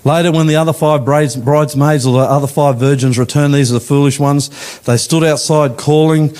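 A man preaching a sermon in a church, with slow, emphatic phrasing that rises and falls. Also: mellow. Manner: emphatic preaching, slow deliberate phrasing with rising and falling pitch. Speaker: pastor.

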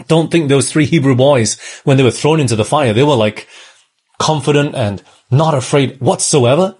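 A man's voice: mid-range voice, darkish tone, slightly rough. A man from Australia preaching a sermon in a conversational way, often asking the listeners questions.

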